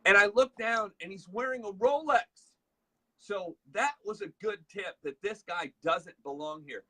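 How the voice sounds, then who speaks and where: A chatty man hosts a casual leadership talk. His voice is bright and a little husky. He tells stories loosely, full of fillers, and acts out the lines of the people in them. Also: high voice, unhurried. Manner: chatty storyteller, acts out dialogue, many fillers. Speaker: host.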